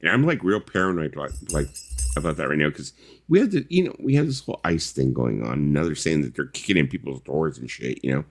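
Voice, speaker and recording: A man's voice: very deep voice, big pitch swings, fairly quick. A man co-hosting a late-night stream, talking in a loose, rambling way with lots of fillers and asides. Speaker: co-host.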